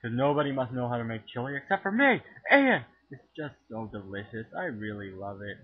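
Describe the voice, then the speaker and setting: Teen boy with a husky, tinny voice. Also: medium pitch, level tone, fairly quick. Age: teens. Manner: crude, joking, sudden loud outbursts. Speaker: home cooking video maker. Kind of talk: goofy profane cooking vlog. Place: home kitchen. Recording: tinny lo-fi home camera audio.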